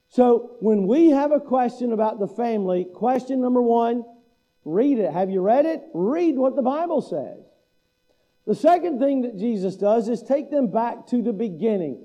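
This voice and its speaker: High-voiced preaching man, dark tone. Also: normal speed, poor audio. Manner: conversational, self-deprecating preaching. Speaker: pastor. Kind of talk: sermon.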